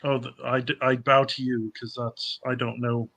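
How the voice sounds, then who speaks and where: A man's voice: medium pitch, little pitch movement, moderate pace, creaky, a bit bright. A man on a casual quiz panel, playful and self-mocking.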